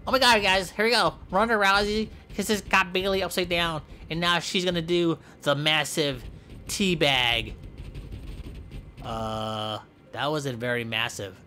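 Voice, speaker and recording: A young man giving goofy, excitable play-by-play commentary over a game, yelping and shouting in mock pain. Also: on the high side, measured pace. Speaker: gameplay commentator.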